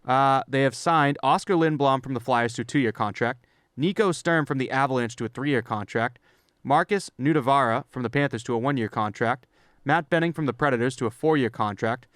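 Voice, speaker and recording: A man co-hosting a sports podcast, briskly reading through lists of stats and signings and then chatting casually. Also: medium pitch, fairly bright tone, no room sound, studio quality. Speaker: podcast co-host.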